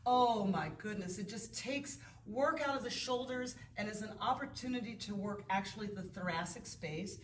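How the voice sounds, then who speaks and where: A woman's voice: medium pitch, normal speed, few pauses, far from the mic, noisy background. A woman yoga instructor guiding a beginner class, chatty and encouraging as she calls out breath cues. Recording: roomy, off-mic with faint ambience.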